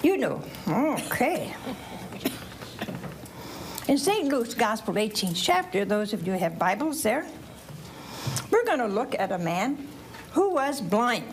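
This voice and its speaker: A woman preaching to children and families, animated and quizzing her listeners, and dropping to a whisper for asides. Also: fairly high pitch, slow, long pauses, a little hiss or hum. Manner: animated, quizzing the audience with questions.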